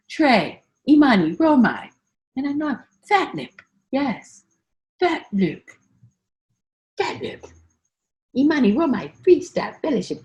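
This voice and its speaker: A high-voiced, scatterbrained woman politician, put on by a woman comedian rambles through a satirical spoof monologue. Her voice swoops up and down, and she repeats herself with deadpan asides. She drops to hushed mutters, then breaks into sudden loud outbursts. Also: heavily acted.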